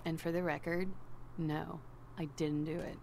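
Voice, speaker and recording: An actress voicing a wry, teasing woman in a video game, with a dry, mocking way of talking and a gravelly voice. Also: sits low, flat delivery, a little slow, a little mellow, a little hiss or hum.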